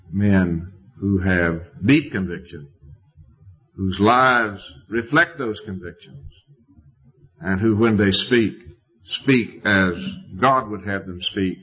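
Slow, deliberate male preacher. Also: low-pitched. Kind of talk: sermon. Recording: dull lo-fi recording.

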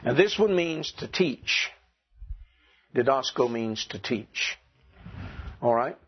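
A man teaching a classroom lesson, asking his students questions and clearing his throat now and then. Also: medium pitch, animated, takes it slowly. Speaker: Greek teacher. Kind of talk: classroom lecture. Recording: dull lo-fi classroom recording.

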